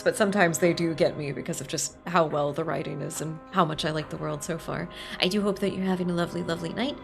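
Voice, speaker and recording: Chatty woman gamer reading along, lowish voice, music faintly under. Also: quick pace, gravelly, few pauses. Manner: chatty, reads game text aloud, emotional asides. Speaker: streamer playing a game. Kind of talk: casual game commentary.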